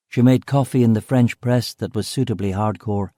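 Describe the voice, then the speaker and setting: A man's voice: medium pitch, moderate pace, hardly any pauses, warm tone, no room sound. A man reading a crime novel aloud in the first person, with a wry, dry delivery into a close mic. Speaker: audiobook narrator. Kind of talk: first-person audiobook narration.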